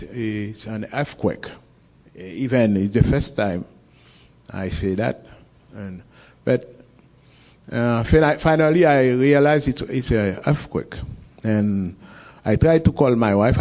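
Slow, halting man with a Haitian accent. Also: mid-range voice, darkish tone. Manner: halting, searching for words in English. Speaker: guest telling his story. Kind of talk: personal account in an interview. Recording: dull lo-fi recording.

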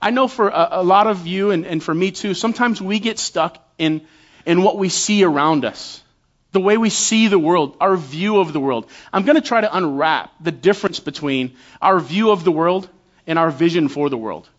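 A church elder in his 40s, appearing as a guest preacher, delivers a sermon full of humorous stories. His voice is high and his manner chatty, conversational and self-deprecating, with quick restarts. The recording sounds muffled.

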